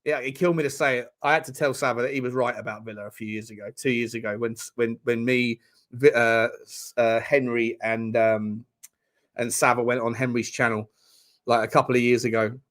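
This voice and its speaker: Hosting a football watchalong live, this medium-pitched man talks briskly. He responds to the chat with sweary excitement and sudden fits of laughter.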